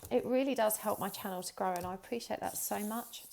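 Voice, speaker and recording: Gravelly-voiced woman reading tarot cards. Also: mid-range voice, brisk, a little hiss or hum. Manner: chatty, warm-hearted, many ums and you-knows. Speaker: tarot reader. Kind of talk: casual tarot reading to camera.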